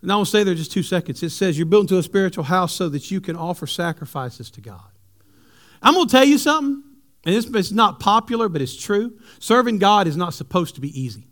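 Man, pastor, high voice, animated storytelling, sermon. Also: brisk. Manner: animated storytelling, jokes with the congregation. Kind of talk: sermon with humorous stories.

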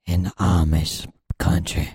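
A woman putting on a deep, gravelly man's voice for a creepy comic character, straining her throat. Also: little pitch movement, darkish tone, dry recording, clean studio sound, full character voice. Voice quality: deep put-on man voice. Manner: creepy, slow, drawling. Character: creepy gravelly Amish man Jakob.

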